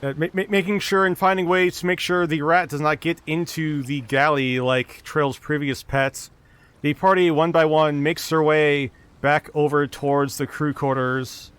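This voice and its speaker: A man narrating as dungeon master of a tabletop game, steady storytelling with small restarts. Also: on the high side, moderate pace, smooth.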